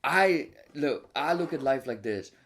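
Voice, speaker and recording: A man's voice: medium pitch, expressive, measured pace, gravelly, fairly bright tone. A man who works as a cook, a podcast guest, ranting indignantly and swearing in casual talk. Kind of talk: casual conversation.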